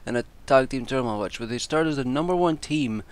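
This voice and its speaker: A man's voice: mid-range voice, brisk, dry recording. A man giving casual, rambling predictions and reviews, exasperated and swearing freely as he talks. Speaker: wrestling commentator and vlogger.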